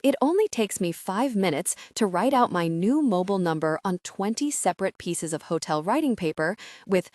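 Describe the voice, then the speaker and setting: A woman narrating a romantic comedy audiobook in the first person, expressive and wry. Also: medium pitch, normal speed, hardly any pauses, no echo, clean studio sound. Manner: expressive, wry, animated storytelling.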